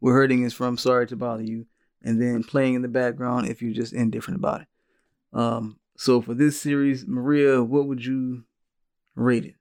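A man's voice: mid-range voice, little pitch movement, moderate pace, darkish tone. A man hosting a podcast in casual chat, rambling in an easygoing way. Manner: easygoing, rambling with fillers and restarts. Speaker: podcast host.

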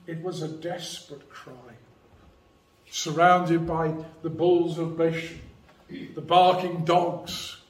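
Man, preacher, sermon, emphatic, unhurried, reverberant church, distant mic. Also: a little high, a little mellow. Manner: measured, emphatic preaching with slow stressed phrases.

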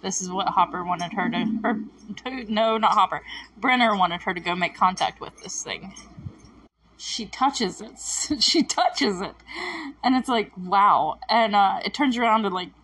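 Breathy woman recapping a show. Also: mid-range voice, moderate pace, fairly bright tone. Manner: chatty and emotional, many fillers and self-corrections. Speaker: TV episode recapper. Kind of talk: casual recap commentary.

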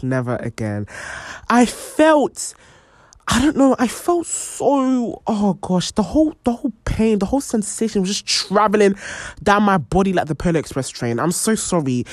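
A woman's voice: mid-range voice, normal speed, no room sound, clean studio sound. A young woman hosting a podcast, telling a personal story with lots of fillers and acted-out quotes. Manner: animated, many fillers, acts out quoted voices. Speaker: podcast host.

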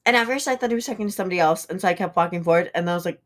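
Young woman, low-pitched, casual solo podcast host, rambly and full of fillers. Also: very fast. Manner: chatty and rambling, with frequent fillers and asides.

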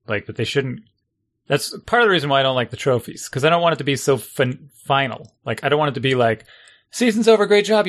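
A middle-aged man who coaches a youth team, talking in a rambling, animated way and acting out what other people say to him. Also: mid-range voice. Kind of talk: casual conversation.

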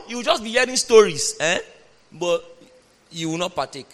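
A man preaching a sermon, reading scripture aloud and speaking emphatically, at times shouting. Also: high voice, expressive, normal speed, pauses often. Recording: long hall reverb.

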